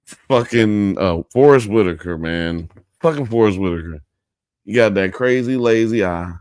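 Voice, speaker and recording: A man's voice: lowish voice, expressive, normal speed, a little mellow, smooth, dry recording, clean studio sound. A man hosting a live show, chatting in a loose, rambling, slangy way. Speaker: podcast host. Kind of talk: casual live-show chat.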